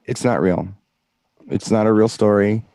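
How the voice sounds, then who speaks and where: A man's voice: fairly low pitch, fairly even intonation, unhurried, dark tone, no echo. A man co-hosting a DJ show in casual chat, explaining things at length with enthusiasm. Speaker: DJ co-host.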